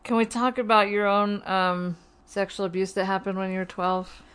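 A woman hosting a podcast who asks gentle, brief questions in casual conversation. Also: mid-range voice, fairly even intonation, normal speed, smooth. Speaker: podcast host. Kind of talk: interviewing, casual chat.

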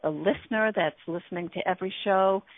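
A woman's voice: medium pitch, a little fast, no room sound. A woman hosting an internet radio talk show as a relationship coach, speaking earnestly with many fillers and restarts. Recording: tinny dry phone line.

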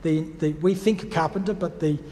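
A man's voice: fairly high pitch, fairly even intonation, fairly quick, mellow, long reverb tail. A man preaching a sermon in a reflective, teacherly way, posing rhetorical questions to his listeners.

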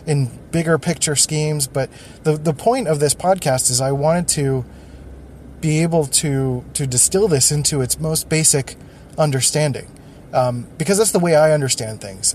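A man's voice: fairly high pitch, darkish tone, a little hiss or hum. A man hosting a solo podcast, thinking aloud and rambling with many fillers and restarts. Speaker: podcast host.

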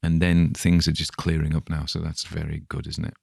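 A middle-aged man with an extremely deep voice, talking to his listeners in a loose, rambling way. He chats casually and often restarts his sentences. The sound is dry and close. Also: monotone, fairly quick, vocal fry, a little mellow, breathy edge, dry recording. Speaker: podcast host. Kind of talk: casual chat.

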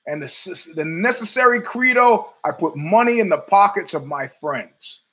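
A man's voice: high voice, animated, normal speed, bright, forceful tone, rough recording. A man hosting his own show from home, ranting in a profane, sardonic and digressive way. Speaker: podcast host. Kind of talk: ranting solo commentary.

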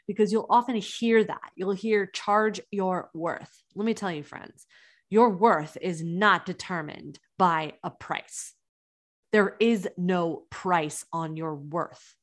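A woman in her thirties, a business coach, talking earnestly and encouragingly in a motivational monologue. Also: fairly low pitch. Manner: earnest and encouraging, with emphatic restarts.

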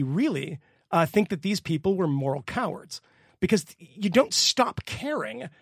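A man on a podcast going on an animated, exasperated rant, swearing and laughing as he talks. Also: on the high side, slightly rough, dry recording, clean studio sound. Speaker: podcast co-host. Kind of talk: casual political rant.

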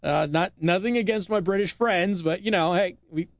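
A man from the United States hosts his radio show, talking in a loose, chatty way with little asides. His voice sits a bit higher than most men's, and the studio sound is close and dry with no room echo. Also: normal speed. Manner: chatty and conversational, with asides and small laughs. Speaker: radio talk show host. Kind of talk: casual talk radio monologue. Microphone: studio microphone.

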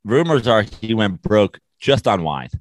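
Deep-voiced sarcastic man on a podcast. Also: very animated, a little slow, dry recording. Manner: sarcastic, joking, does mocking voices. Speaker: podcast co-host. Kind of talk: casual sports podcast banter.

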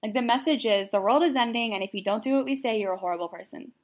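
A woman's voice: on the high side, quick pace. A woman co-hosting a casual political chat podcast, talking emphatically with lots of "like" fillers. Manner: emphatic, filler-heavy with frequent "like". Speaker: podcast co-host.

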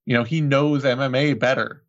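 Homem em conversa casual de podcast. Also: male voice, mid-range voice, fairly even intonation, brisk. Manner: conversational, runs the betting odds. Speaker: podcast co-host. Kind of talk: casual sports chat. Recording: slightly dull lo-fi audio.

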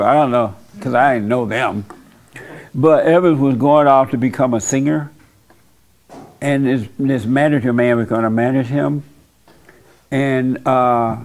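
A man's voice: mid-range voice, darkish tone. A man hosting a church talk show, telling stories in a folksy, blunt preaching manner. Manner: folksy storytelling with blunt opinions. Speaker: host and pastor. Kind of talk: casual preaching chat.

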